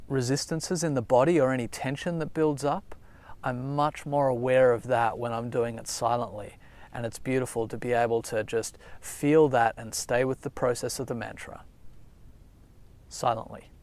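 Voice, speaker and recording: A man calmly explaining a meditation technique, talking gently and reflectively at an unhurried pace. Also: medium pitch. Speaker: meditation teacher. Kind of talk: calm spoken meditation guidance. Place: outdoors.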